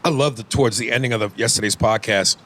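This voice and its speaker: Loud-mouthed podcast guy, bright punchy voice, cussing a lot. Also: medium pitch, fast talker. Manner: brash, profane, reads emails aloud. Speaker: podcast host. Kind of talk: casual comedic chat.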